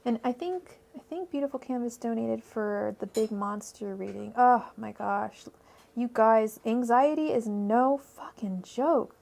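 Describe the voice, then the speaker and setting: A woman's voice: on the high side, gravelly, a little mellow. A woman with a Californian accent reading tarot on a casual livestream, rambling and chatty with many fillers, restarts and laughs. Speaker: tarot reader. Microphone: own microphone at home.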